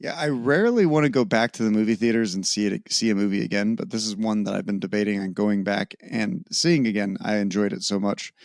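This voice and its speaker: A man's voice: lowish voice, a little fast, vocal fry, few pauses, no echo, studio quality. A man co-hosting a gaming podcast, chatting loosely in a rambling way and swearing now and then. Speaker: podcast co-host. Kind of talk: casual chat.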